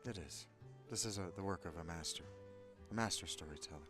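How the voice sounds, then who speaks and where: Let's play host, man with a lowish voice, joking asides, faint game music behind. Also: brisk. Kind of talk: casual game commentary.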